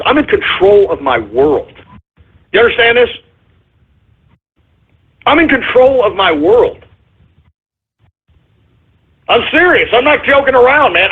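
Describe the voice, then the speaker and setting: Male talk radio host, high husky voice, emphatic and repetitive, combative rant, tinny phone-like sound. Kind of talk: ranting talk radio monologue.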